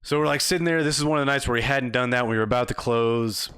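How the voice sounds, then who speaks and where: A young man co-hosting a podcast, telling a work story in casual, profane chat, laughing often and acting out quotes in a higher voice. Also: quick pace, a bit bright, clear, resonant tone, no room sound, clean studio sound. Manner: laid-back, swears a lot, laughs often, acts out quotes in higher voices. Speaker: podcast co-host.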